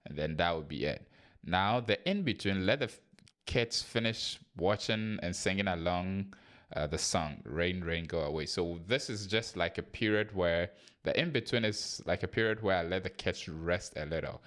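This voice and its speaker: A man's voice: deep voice, normal speed, fairly bright tone. A man who trains kindergarten English teachers, walking through his lesson plan in a conversational way and sometimes acting out his classroom prompts. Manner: demonstrates classroom prompts with a raised, sing-song teacher voice; conversational, thinks aloud with small restarts.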